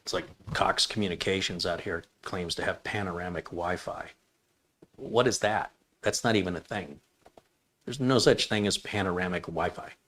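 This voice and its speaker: A man's voice: sits low, normal speed, fairly bright tone. A man hosting a casual Q&A, answering viewer questions in a blunt, opinionated way that rambles with restarts. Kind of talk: casual live Q&A.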